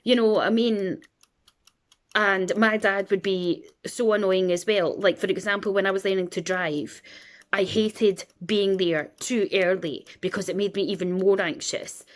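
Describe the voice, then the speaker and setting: A woman's voice: mid-range voice, steady tone, a little slow. A Scottish woman in her thirties, rambling in a casual chat and acting out the voices of people in her stories. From Scotland. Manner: chatty and rambling, acts out quoted voices. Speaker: vlogger.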